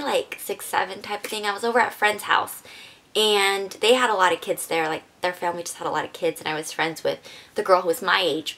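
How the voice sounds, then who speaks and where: Female vlogger, earnest and emotional, casual rambling delivery with lots of "like", mid pitch. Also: a bit bright. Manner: casual, rambling, heavy use of "like". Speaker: beauty vlogger. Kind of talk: personal storytelling vlog.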